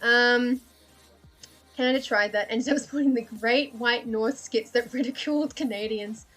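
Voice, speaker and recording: A woman's voice: a little high, normal speed, a bit bright. A woman chatting casually and rambling while she draws on a livestream, swearing, laughing and putting herself down. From Australia. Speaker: livestreaming artist. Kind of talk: casual chat while drawing on stream.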